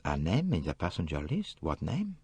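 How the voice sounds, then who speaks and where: A man reading an audiobook, voicing a fastidious older detective who speaks earnestly and formally. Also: low-pitched, wildly swooping pitch, darkish tone, husky, no room sound, full character voice. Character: fastidious older male detective, calm and probing. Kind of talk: audiobook character voice.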